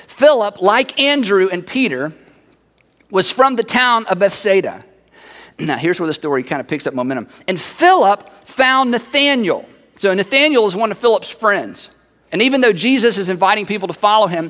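A man preaching a sermon, telling the story with lively, acted-out quoted voices. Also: high-pitched, in a large hall. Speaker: pastor.

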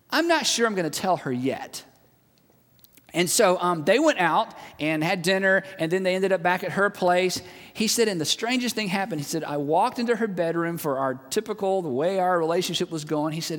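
A man preaching a sermon to a large congregation, telling stories in a relaxed, conversational way and retelling a friend's words. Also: sits high. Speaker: pastor. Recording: long reverb of a large hall.

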